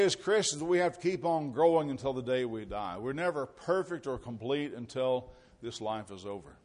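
Folksy male preacher teaching a congregation. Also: medium pitch. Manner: conversational, folksy asides with the congregation; reads scripture aloud with rising emphasis. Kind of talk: sermon.

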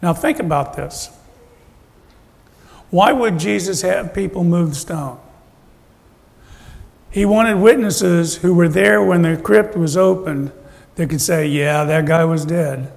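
Male preacher, slightly high voice with gravel, conversational sermon delivery, big hall reverb. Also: slow, long pauses, a little mellow. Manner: conversational preaching with rhetorical questions. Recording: long reverb of a large hall.

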